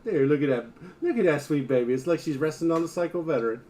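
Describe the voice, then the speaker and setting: A man's voice: a little high, fast talker, dark tone. A man hosting a casual livestream, chatting in a rambling way with his viewers and his dogs. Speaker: livestream host.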